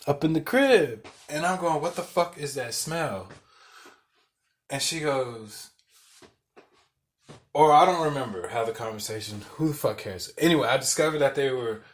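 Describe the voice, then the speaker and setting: A young man, a podcast host, telling a loose, profane story in casual chat and laughing as he goes. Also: medium pitch. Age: young adult.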